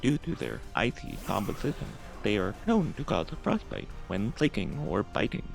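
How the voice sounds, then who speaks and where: A stiff robot voice reading text out loud, made wheezy by talking while inhaling, as a man puts it on. It sits low and gravelly, with pitch that jumps widely instead of staying level. Faint music plays behind it. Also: wildly swooping pitch, moderate pace, exaggerated voice. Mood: flat robotic. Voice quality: wheezy, spoken while breathing in.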